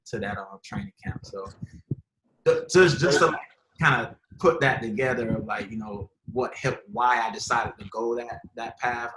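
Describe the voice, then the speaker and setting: A former pro football player and college coach in casual, emphatic conversation with high school athletes. He speaks informally with slang and repeats himself as he tells stories and gives advice. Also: fairly bright tone, a little hiss or hum. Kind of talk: casual motivational storytelling. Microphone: video call. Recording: echoey room over a video call.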